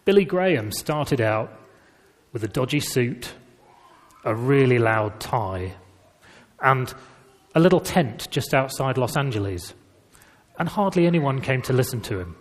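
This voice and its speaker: Lively preacher in a reverberant hall. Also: male voice, medium pitch, unhurried, pauses often. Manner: conversational storytelling with lively emphasis. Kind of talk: sermon.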